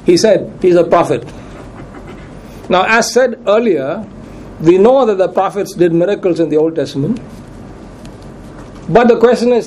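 A man's voice: high voice, expressive, normal speed, pauses often, a little mellow, a little hiss or hum, rough recording. A man preaching a sermon who reads scripture aloud, cites verses and repeats questions to his congregation for emphasis.

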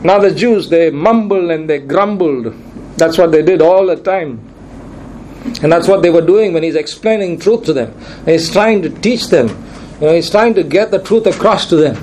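A man's voice: on the high side, normal speed, a little mellow, slight background noise, low-quality recording. A man preaching a Sunday sermon in church, repeating key lines for emphasis. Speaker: pastor.

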